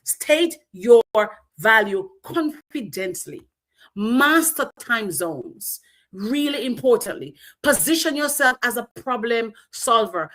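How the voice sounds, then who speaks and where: A woman's voice: fairly high pitch, animated, slow, rough recording. A woman from Jamaica, giving an emphatic, punchy motivational talk on a livestream. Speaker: speaker.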